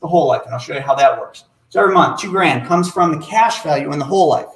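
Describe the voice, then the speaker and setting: High-voiced man explaining finance, echoey room. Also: fast. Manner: animated, acts out little dialogues. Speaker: financial educator. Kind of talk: explanatory talk to an audience.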